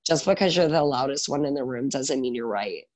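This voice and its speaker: A man in his thirties talks through his career on an interview podcast, lively and animated. His voice sits in an ordinary middle register, and he keeps checking in with the listener with a quick "right?". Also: medium pitch. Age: 30s. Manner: energetic, animated storytelling with many filler "like" and "right?". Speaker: guest, salon owner and educator.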